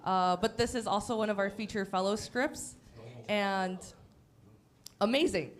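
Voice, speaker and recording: A woman's voice: medium pitch, a little slow. A woman hosting a live script reading and announcing the cast in an upbeat way on a handheld microphone. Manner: upbeat, cheering introductions. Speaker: event host. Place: live event venue.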